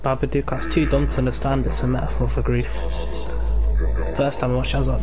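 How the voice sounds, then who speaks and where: A man's voice: medium pitch, level tone, a little fast, long pauses, rough recording. A man giving casual gameplay commentary on a horror game, jumpy and swearing, talking back at the game. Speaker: gamer playing a horror game.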